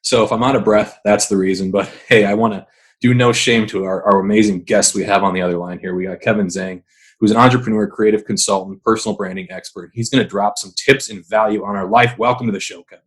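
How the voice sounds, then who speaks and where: A man hosting a podcast, introducing his guest with energetic, hype-building enthusiasm. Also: on the low side, quick pace, husky. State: out of breath. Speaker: podcast host. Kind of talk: podcast interview.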